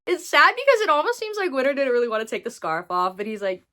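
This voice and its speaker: A woman's voice: high voice, very animated, fast talker, bright, forceful tone. A woman giving comedic movie commentary, sarcastic and incredulous, swearing freely. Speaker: movie reviewer.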